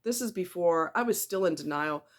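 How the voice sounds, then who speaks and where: A woman's voice: on the low side, animated, normal speed. A woman telling a personal story in a casual vlog, blunt and emphatic, repeating herself for stress and speaking straight to the viewer. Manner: candid and conversational, with asides to the viewer.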